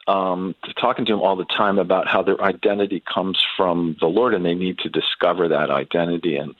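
A middle-aged man with a very low voice recounts a family story at an easy pace, pausing and restarting often. The sound is dry and a little muffled. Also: no room sound. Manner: unhurried, halting anecdote with many restarts and ums. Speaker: guest. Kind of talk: storytelling in casual conversation.

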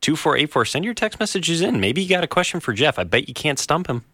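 Fast, bright-voiced man chiming in on air. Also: on the high side, very animated, a little hiss or hum. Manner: quick, playful. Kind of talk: casual on-air banter.

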